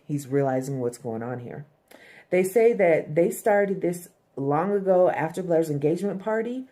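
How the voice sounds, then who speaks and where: A woman's voice: sits low, unhurried, dark tone. A woman giving a casual, profane recap of a TV episode, full of "um" and "like". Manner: loose and profane, heavy "um" and "like".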